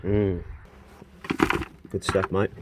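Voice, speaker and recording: A vlogger with a New Zealand accent chats casually through a farm vlog he films outdoors on his phone, talking to his animals. His low voice has little pitch movement and drawn-out words. The recording is very noisy, and he comes across chatty and easygoing.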